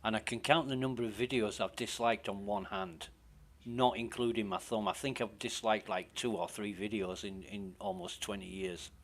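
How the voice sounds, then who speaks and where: A man's voice: lowish voice, steady tone, moderate pace. Sweary man chatting on stream. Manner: rambling, sweary, self-interrupting. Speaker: game streamer. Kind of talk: casual stream chat.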